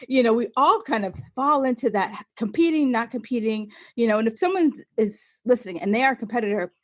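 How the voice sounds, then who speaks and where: Brief: woman in her 40s, a podcast guest, lively storyteller, slightly high voice. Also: fairly quick, dry recording. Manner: animated storyteller, acts out quotes. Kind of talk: casual podcast interview.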